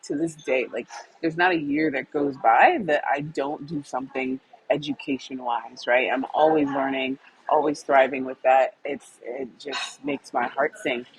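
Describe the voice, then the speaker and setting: A woman's voice: sits low, poor audio. Chatty woman podcast co-host, faint noise. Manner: talkative, rambling with restarts and laughs. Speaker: university instructor. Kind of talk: casual podcast conversation.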